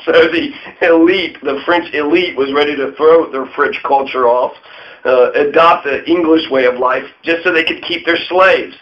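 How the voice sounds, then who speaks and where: A man's voice: on the high side, steady tone, moderate pace. Irreverent man with lo-fi sound. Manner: irreverent, swears often, mocking asides. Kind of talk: profane casual history monologue. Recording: dull lo-fi sound.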